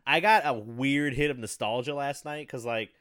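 A man in his thirties chatting casually, telling rambling profane stories with bursts of loud laughter. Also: mid-range voice, moderate pace, smooth, no room sound, clean studio sound. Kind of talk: casual chat.

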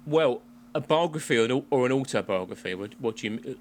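A man's voice: mid-range voice, animated, fairly quick, slight background noise. A man from England co-hosting a casual chat podcast, rambling with restarts and frequent laughs. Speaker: podcast co-host.

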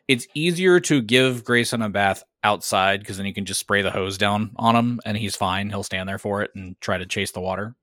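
A man talking casually about his dogs, relaxed and halting at times. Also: on the low side, no room sound, studio quality. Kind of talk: casual chat.

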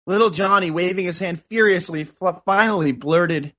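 Male podcast co-host, slightly higher voice, earnest reader. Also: animated, normal speed, few pauses, sharp tone. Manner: earnest, reads passages and jokes aloud. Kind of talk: casual chat, reading aloud.

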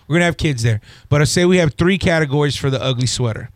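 Male radio host, teasing and animated, slightly high voice, dry studio sound. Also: fast, no room sound. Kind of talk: casual radio banter. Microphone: studio mic.

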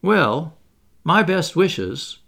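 A man reading the part of a thoughtful young clergyman in a play, measured and guarded. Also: on the high side, sing-song, gravelly, a bit bright, voice pushed up, heavily acted.

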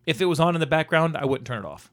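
A man co-hosting a casual movie review chat, animated and swearing freely as he retells scenes. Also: a little high, very fast. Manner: animated, swears freely, acts out quoted lines. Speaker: podcast co-host.

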